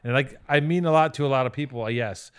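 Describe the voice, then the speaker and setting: A man's voice: mid-range voice, fast, smooth, no room sound, studio quality. A man co-hosting a podcast in casual chat, profane and joking. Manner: profane, joking, puts on silly voices. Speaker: podcast co-host. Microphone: studio microphone.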